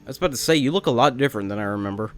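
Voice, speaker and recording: A man's voice: mid-range voice, lively intonation, rapid-fire, faint music behind. A young adult man hosting a let's play, rambling and making sarcastic jokes at the game characters. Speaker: gaming channel host.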